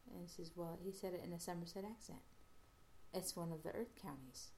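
A woman casually retelling an episode's plot as a podcast host, halting often with fillers and restarts. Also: fairly low pitch, a little mellow, slight background noise.

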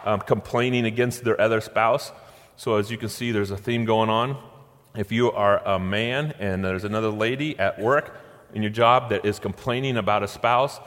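Man preaching, low voice in a big echoey hall. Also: steady tone, normal speed, a bit bright. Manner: conversational, with playful acted-out quotes. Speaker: pastor. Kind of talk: sermon. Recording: long hall reverb.

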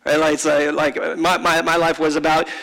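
A man preaching a sermon to a congregation, animated and acting out little scenes in different voices. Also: fairly high pitch, moderate pace, vocal fry, big-room sound, low-quality recording. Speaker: pastor. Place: large room with a congregation.

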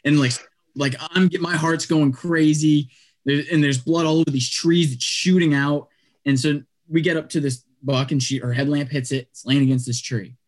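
Rambling, animated male storyteller. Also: fairly high pitch, moderate pace. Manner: animated, rambling, heavy use of "like". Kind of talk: casual storytelling.

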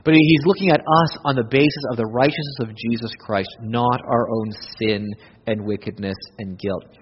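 A male pastor, preaching an animated sermon that moves between loud emphasis and hushed intensity. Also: mid-range voice, moderate pace, a little hiss or hum. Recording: dull audio with long hall reverb.

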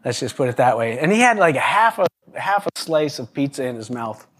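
A pastor with a mid-range, breathy voice speaks a little fast as he preaches a sermon full of stories. He's an animated storyteller who restarts often, laughs a lot, and acts out the voices of the people he quotes.

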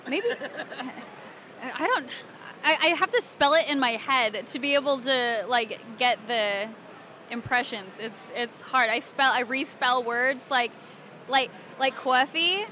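A young woman from Alabama, a cosplayer and voice actress, chatting excitedly and giggling through a convention interview. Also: high-pitched, slow, slight background noise. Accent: Southern American. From Alabama, USA. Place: convention floor.

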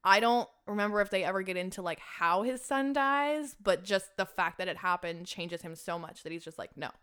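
Bright, smooth-voiced young woman recapping. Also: medium pitch, lively intonation. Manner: emotional, quick retelling with many fillers. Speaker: podcast co-host. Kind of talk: casual recap chat.

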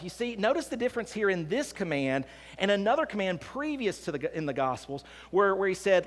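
A man preaching a sermon as pastor, swinging between hushed and emphatic delivery. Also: a little high. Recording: long hall reverb.

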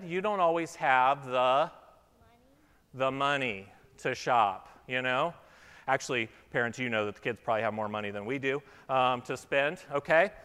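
A pastor with a somewhat high, sharp-toned voice preaches from a church stage, joking with the children before he reads scripture and reflects on it as part of a sermon with an object lesson for kids. Long hall reverb surrounds the recording.

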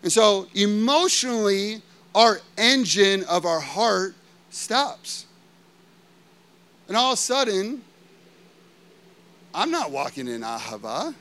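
A male pastor in his thirties preaches with an animated, conversational delivery. He keeps checking in with the congregation. His voice sits high and sounds bright and clear. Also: slow, long pauses. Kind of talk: sermon.

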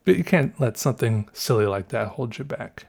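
A man with a light Southern US accent chats to his viewers in an unhurried, wandering way. He stops to correct himself and muses out loud, trailing off and circling back to his thoughts. His voice sits at an ordinary middle pitch. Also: animated, vocal fry. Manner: meandering, self-correcting, musing aloud. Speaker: vlogger. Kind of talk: casual rambling monologue.

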